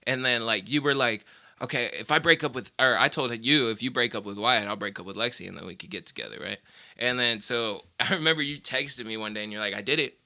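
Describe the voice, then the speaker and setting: A man's voice: medium pitch, fast talker, sharp tone. A young man telling stories from his past in a rambling, profane, casual chat, laughing often. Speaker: vlogger.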